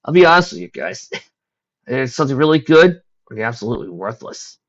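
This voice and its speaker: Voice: medium pitch, very animated, brisk, lo-fi sound. A man voicing a groggy young male unicorn with a wry manner.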